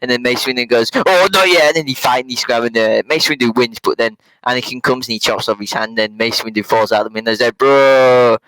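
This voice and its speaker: A young man hosting a comedic movie recap, rambling casually with slang, fillers and quick quoted voices. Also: medium pitch, fairly even intonation, bright, forceful tone, no echo, poor audio. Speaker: host.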